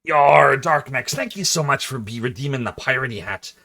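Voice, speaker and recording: A male streamer putting on a playful pirate voice to thank his viewers, loud and theatrical. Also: mid-range voice, expressive, moderate pace, gravelly, voice pushed up, full character voice. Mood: jolly pirate. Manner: growly pirate talk, mock-theatrical.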